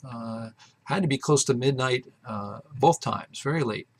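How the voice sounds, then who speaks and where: A man's voice: mid-range voice, a little slow. A man hosting his own show, telling a personal story in a rambling, casual way with many fillers and restarts. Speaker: host.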